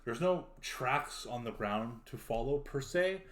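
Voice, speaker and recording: A man's voice: medium pitch, expressive, unhurried, a bit bright, roomy sound. A man narrating as game master in a tabletop game, laid-back and loose, with lots of ums.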